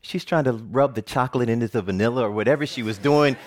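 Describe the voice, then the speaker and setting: A man's voice: medium pitch, fast talker. A middle-aged man, a TV presenter, giving a personal storytelling talk with jokes and frequent laughter. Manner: animated, jokey storyteller who laughs often.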